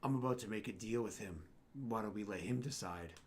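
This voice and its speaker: A man's voice: lowish voice, brisk, a little mellow, a little hiss or hum, voice pushed down, close to an everyday voice. A man voicing a menacing male alien mercenary boss in a tabletop game, curt and commanding, with a cracking voice. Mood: scheming.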